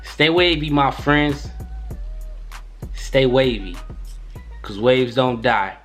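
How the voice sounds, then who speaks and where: Animated young man telling a story. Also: medium pitch, slow pace, faint music behind. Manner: animated, slangy, profane. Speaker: YouTuber. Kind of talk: casual storytelling.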